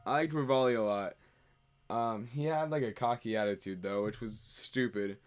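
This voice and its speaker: A man's voice: mid-range voice, normal speed, soft background music. A man streaming, chatting casually and rambling as he answers viewer questions. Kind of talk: casual livestream chat.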